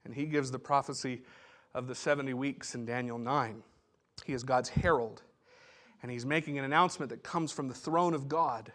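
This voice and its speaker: A man's voice: medium pitch, moderate pace. A man pastor giving a sermon, teaching in a conversational way with asides and restarts.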